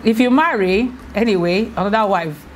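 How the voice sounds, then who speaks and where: A woman's voice: medium pitch, normal speed, a little hiss or hum. A woman chatting on camera with her husband for a family vlog, teasing and playful, talking over him. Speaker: vlogger. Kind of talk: casual couple chat on camera.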